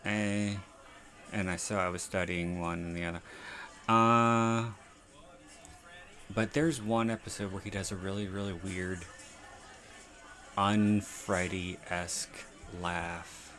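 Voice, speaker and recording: A man's voice: low voice, level tone, takes it slowly, long pauses, fairly bright tone, soft background music. A man hosting a podcast, reviewing a TV episode in rambling, casual, profane chat. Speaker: podcast host.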